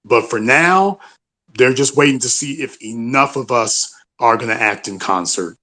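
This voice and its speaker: A man holds forth in an online audio chat, talking casually about politics. He makes his points emphatically and repeats key phrases to drive them home. His voice sits at an ordinary pitch and comes through a home phone or computer mic. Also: measured pace, pushed and bright. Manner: emphatic, repetitive, conversational. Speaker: host of an online audio talk room.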